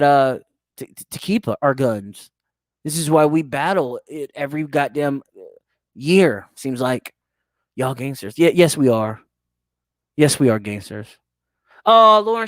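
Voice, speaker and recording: A man's voice: on the high side, dry recording, clean studio sound. A man hosting a livestream talk show, ranting casually and profanely while answering viewer comments. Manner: profane, animated rant.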